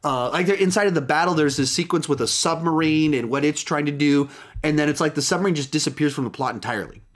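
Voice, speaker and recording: A man's voice: a little high, quick pace. A man giving a casual, chatty film review, talking loosely with frequent restarts and asides. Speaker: movie reviewer.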